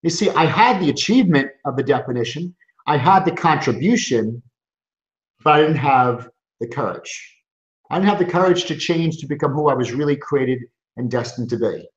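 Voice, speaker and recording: A man's voice: fairly high pitch, lively intonation, moderate pace. A middle-aged man, a chiropractor, giving an earnest, emphatic motivational webinar talk from his office, often restarting his sentences. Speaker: chiropractor and coaching group founder. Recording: roomy, dull lo-fi sound.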